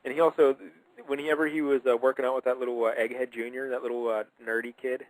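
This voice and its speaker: A young man hosting a casual talk show, rattling off his thoughts at a quick clip. He rambles and jumps from point to point with easy enthusiasm. His voice sits close and dry, with no room behind it. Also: medium pitch, level tone, no room sound, poor audio. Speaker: radio show host. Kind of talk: casual chat.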